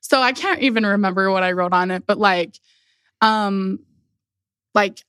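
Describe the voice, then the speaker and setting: A woman's voice: mid-range voice, measured pace, a bit bright, clean tone, no room sound, studio quality. Chatty young woman telling a story. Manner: chatty, laughs often, many "like" fillers. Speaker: podcast guest. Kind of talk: casual storytelling.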